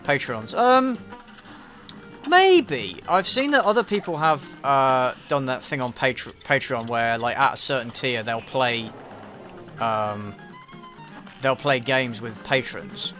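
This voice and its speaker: English man, bright voice, dry self-deprecating stream chat, faint music behind. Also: medium pitch, a little slow. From England. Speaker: YouTube reviewer streaming a game. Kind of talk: casual live-stream chat answering viewers.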